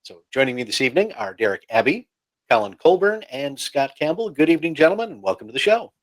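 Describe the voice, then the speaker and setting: A man with a mid-range voice hosts a panel show and talks quickly. He puts his questions to the guests in a friendly, informal way. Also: medium pitch, very animated, low-quality recording. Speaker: show host. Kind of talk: hosting a panel interview.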